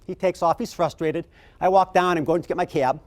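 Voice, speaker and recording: A middle-aged man giving a conference keynote, telling stories and acting out the people in them. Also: fairly quick. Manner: animated, acts out quoted people with big pitch jumps. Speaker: keynote speaker.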